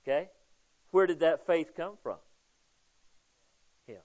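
A man preaching a sermon in a conversational way, often checking in with the congregation and swinging between loud emphasis and hushed, prayerful asides. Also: a little high, expressive, slow, dull audio. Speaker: pastor.

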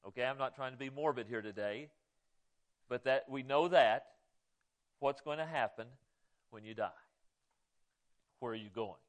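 A middle-aged man preaching a sermon, conversational, often asking his listeners questions and swinging between loud emphasis and quiet asides. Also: medium pitch, moderate pace, pauses often. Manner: conversational, asks the congregation questions. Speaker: pastor.

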